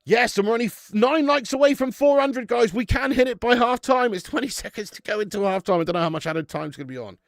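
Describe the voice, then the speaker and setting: A man's voice: extremely high pitch, quick pace, gravelly, few pauses, no echo, studio quality. A young man hosting a live football watch-along, cheering, swearing and chatting with his viewers. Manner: excitable, swearing, banter with chat. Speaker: fan channel host.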